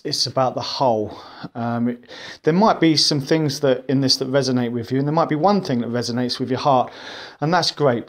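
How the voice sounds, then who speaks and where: A man presenting a webinar as a life coach, earnest and informal, with fillers and restarts. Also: medium pitch.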